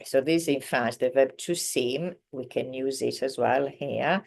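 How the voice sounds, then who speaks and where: A woman's voice: a bass voice, measured pace, creaky, a little mellow. A woman teaching a beginners' online language lesson, explaining patiently with many ums and self-corrections. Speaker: Italian teacher.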